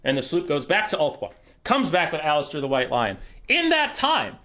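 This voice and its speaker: A man's voice: on the high side, wildly swooping pitch, moderate pace, sharp tone. A man streaming a strategy game, telling a rambling, sweary comic story as he plays.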